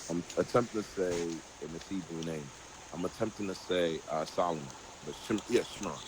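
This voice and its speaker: Man, low voice, casual Bible study host, animated, noisy background. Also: moderate pace. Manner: animated, draws everyday parallels, many fillers.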